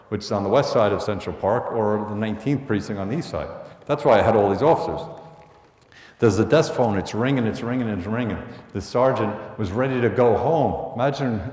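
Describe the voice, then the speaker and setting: A man's voice: on the low side, darkish tone. Blunt New York man in an echoey hall. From the Bronx, New York. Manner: blunt, conversational, acts out quoted orders. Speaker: police lieutenant speaking to students. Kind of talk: storytelling talk to an audience. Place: school hall.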